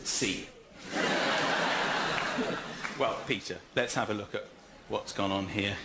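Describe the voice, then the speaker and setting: A man hosting a light entertainment TV show before a live studio audience, in a playful, lively manner. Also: on the low side. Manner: lively, slow and playful, reading texts aloud with mock gravity. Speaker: TV show host. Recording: loud studio audience and noise.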